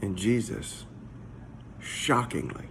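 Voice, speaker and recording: A man's voice: on the low side, sing-song, slow, creaky, background noise. A man, a pastor, giving a casual morning devotional in a conversational, searching way, often repeating his words. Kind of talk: short devotional talk.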